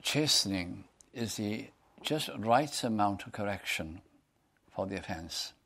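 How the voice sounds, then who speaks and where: Earnest low-voiced male preacher. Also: expressive, a little slow, bright, forceful tone, breathy edge. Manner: earnest, reads scripture aloud, asks listeners questions. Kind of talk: sermon.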